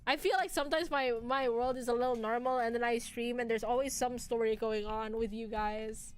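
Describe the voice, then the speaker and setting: A woman's voice: fairly high pitch, fairly even intonation, brisk, clear, resonant tone, soft background music. A woman in her twenties chatting casually on a live stream with her viewers, laughing often. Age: 20s.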